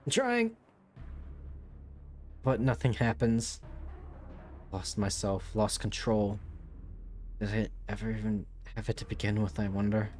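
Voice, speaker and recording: A male streamer with a lowish voice mixes offhand, profane quips with dramatic readings of the game's story text. Faint game music plays under him. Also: animated, unhurried, long pauses, darkish tone. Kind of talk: gameplay commentary and reading game text aloud.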